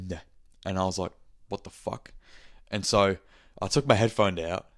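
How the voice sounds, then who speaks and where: Deep-voiced young man rambling. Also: clear, resonant tone, no room sound, clean studio sound. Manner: loose and rambling, heavy filler "like", frequent swearing. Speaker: podcast host. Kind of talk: casual solo chat.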